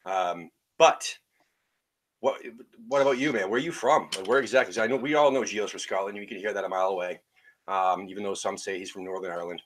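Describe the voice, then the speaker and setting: A man's voice: sits low, fast. A man hosting a casual podcast chat, loose and chatty. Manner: loose, chatty, laughs loudly. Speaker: podcast host. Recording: faint background noise.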